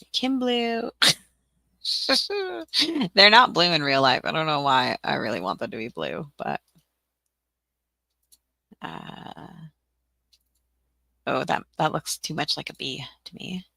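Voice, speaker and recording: A woman from Tennessee, USA hosts a casual livestream tutorial, chatty and giggly, rambling with lots of fillers. Her low, sing-song voice is slow with vocal fry, frequent pauses and a bright, forceful tone, with no room sound.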